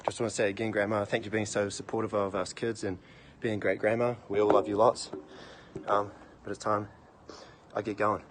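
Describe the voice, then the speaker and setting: A man's voice: on the low side, flat delivery, brisk, a little hiss or hum. A young man, out of breath, speaking offhandedly with fillers to his grandmother.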